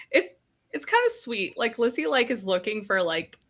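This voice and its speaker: On a video call, a woman co-hosting a live podcast book discussion retells scenes and reads passages aloud in a flat manner, reacting in a lively way. She has a higher-pitched voice and speaks at normal speed.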